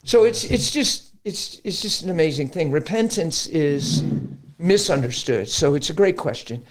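Middle-aged male pastor, a bit high-voiced, preaches conversationally with acted-out quotes. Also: moderate pace. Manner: animated storytelling, acts out quotes. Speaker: pastor guest.

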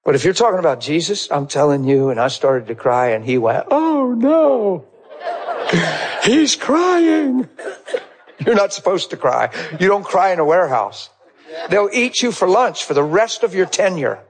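A man's voice: on the high side, lively intonation, brisk. A man preaching as a pastor, telling a personal story and acting out both sides of the conversation. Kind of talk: sermon testimony storytelling.

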